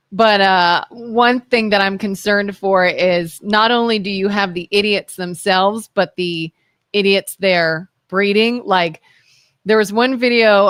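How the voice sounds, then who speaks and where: A woman co-hosting a live talk radio show, animated as she retells stories and acts out quotes. She asks her co-host pointed questions. The sound is close and dry, with no room echo. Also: mid-range voice, smooth.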